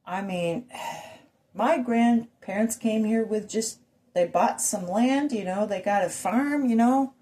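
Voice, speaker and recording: A woman's voice: medium pitch, takes it slowly, mellow. Woman ranting in a rambling vlog. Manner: rambling, with rhetorical questions and asides. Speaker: vlogger. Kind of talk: ranting monologue.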